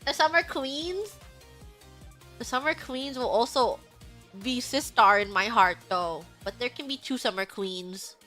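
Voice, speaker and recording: A woman streamer in casual livestream chat, excitable and rambling, humming bits of songs between thoughts. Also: fairly high pitch, measured pace, faint music behind. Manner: excitable, rambling, hums song snippets.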